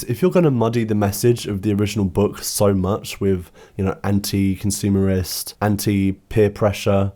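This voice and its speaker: A man talking through a film adaptation in a commentary video essay, dry and sarcastic in his asides. His voice sits a little low and sounds warm and relaxed rather than bright.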